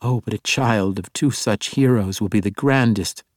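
A man's voice: on the low side, normal speed, no room sound, clean studio sound, close to an everyday voice. A man voicing an eager, formal monk. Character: earnest, exuberant male monk.

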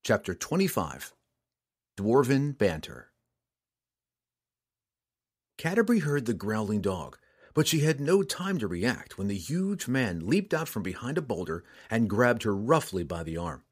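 Husky, expressive male narrator. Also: lowish voice. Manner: measured, expressive storytelling. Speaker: audiobook narrator. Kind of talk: scripted narration.

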